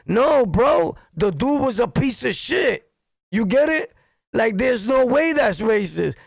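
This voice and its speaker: A middle-aged man with a New York accent holds forth in a blunt, profane street-talk monologue. His voice sits high for a man and has a gravelly edge. The sound is dry and close. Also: takes it slowly, no room sound. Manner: blunt, profane, animated storytelling. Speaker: streamer and commentator.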